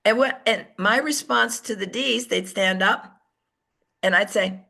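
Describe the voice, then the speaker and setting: A woman's voice: mid-range voice, normal speed, vocal fry. Woman acting out voices in a team training call. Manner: lively storyteller who acts out quoted voices. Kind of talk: motivational team training talk. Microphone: online call.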